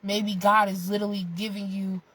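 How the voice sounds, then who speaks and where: A young woman with a husky, slightly breathy voice talks straight to her viewers in a casual, profane motivational rant. She is blunt and animated, swearing freely as she lectures them. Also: mid-range voice, brisk, low-quality recording. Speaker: vlogger.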